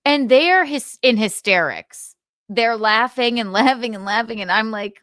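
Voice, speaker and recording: A woman's voice: a little high, animated, measured pace, a bit bright, no room sound, clean studio sound. A woman hosting a live stream, telling a story in a casual way and laughing often.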